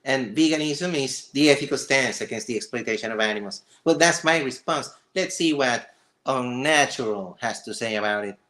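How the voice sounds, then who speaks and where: A man hosting a livestream, reacting to a video with sarcastic, exasperated commentary and excited stammering. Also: medium pitch, normal speed. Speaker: livestream host.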